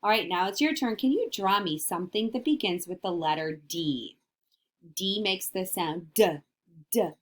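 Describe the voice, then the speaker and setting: A woman teacher giving a phonics lesson to young children, sounding out letter sounds slowly and encouraging them with questions and praise. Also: medium pitch.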